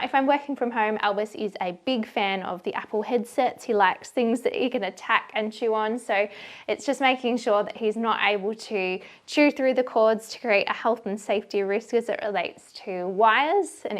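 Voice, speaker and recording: Woman explaining home safety casually. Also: mid-range voice. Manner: friendly, chatty, with fillers. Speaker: presenter of a workplace safety video. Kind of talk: casual instructional talk.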